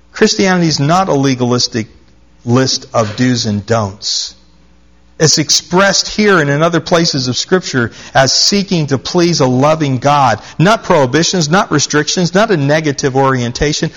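A man's voice: a little high, a bit bright. A man with a slightly raised voice delivers a sermon from the pulpit. He reads scripture verses aloud and presses his points home by repeating the key phrases. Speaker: pastor.

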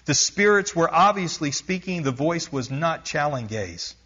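A man's voice: fairly high pitch, animated, unhurried, pushed and bright, lo-fi sound. A male preacher reading a missionary story aloud during a sermon, building intensity and stopping now and then to explain. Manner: reads aloud with rising intensity, stops to explain asides.

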